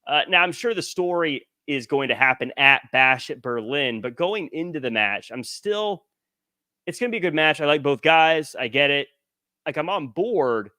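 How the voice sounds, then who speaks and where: A man's voice: a little high, animated, moderate pace, pushed and bright, dry recording, clean studio sound. A man co-hosting a wrestling podcast, chatting casually and laughing easily. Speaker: podcast co-host. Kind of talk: casual chat.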